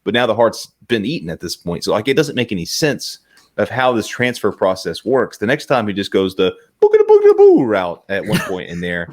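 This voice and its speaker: A man hosting a movie review podcast, talking casually in an animated, rambling way with lots of fillers. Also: lowish voice, a little fast. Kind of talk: casual chat.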